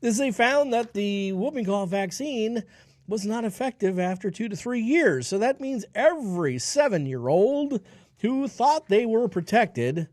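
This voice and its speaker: A man's voice: high-pitched, expressive, unhurried, darkish tone, dry recording, studio quality. A man in his forties hosting a health radio show, reading news headlines and breaking into sarcastic, ranting asides. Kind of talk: solo health news commentary.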